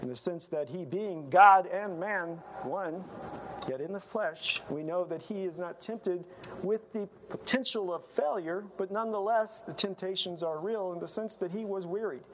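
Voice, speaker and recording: A man's voice: high voice, normal speed, fairly bright tone, slight background noise, rough recording. A man preaching a sermon in an earnest, emphatic manner, often letting his phrases trail off.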